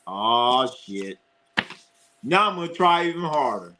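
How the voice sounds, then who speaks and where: Over a very noisy background, a middle-aged sports streamer talks slowly in a sing-song, medium-pitched voice. He rambles and swears, repeats himself and laughs often as he goes through the chat.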